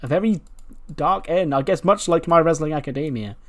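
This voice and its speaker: A man's voice: fairly high pitch, fairly quick. Chatty man narrating a game story. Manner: chatty, laughs often, retells scenes with quoted voices. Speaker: game commentator. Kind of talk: casual narration of a wrestling management game.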